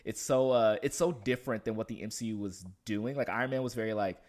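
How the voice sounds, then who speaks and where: Man, casual chat, rambling, playful, many fillers, slightly low voice. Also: fast talker, a little mellow.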